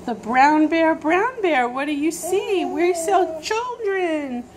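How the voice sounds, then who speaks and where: A woman's voice: very high-pitched, animated, slow pace, crowd noise. A young woman reading a picture book aloud to a baby in gushing, sing-song baby talk, full of exaggerated wonder.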